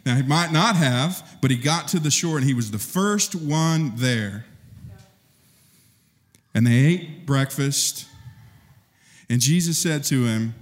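Guy preaching, takes his time, long hall echo, voice climbs when he gets fired up. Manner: storytelling, acts out quoted voices, rises in pitch and force when stirred. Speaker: pastor. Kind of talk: sermon. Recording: long reverb of a large hall.

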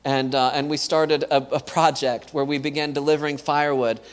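Earnest guy giving a church talk, kinda high voice, repeats words a lot, big echoey hall. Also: flat delivery, brisk, smooth. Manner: earnest, repeats words, acts out quoted dialogue. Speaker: missionary speaker.

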